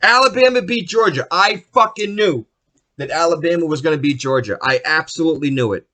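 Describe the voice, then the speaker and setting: A young man ranting on his solo podcast in a profane, rambling, excitable way. His voice sits fairly high, with a bright, forceful edge. His pitch swings widely and often. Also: a little fast. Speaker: podcast host.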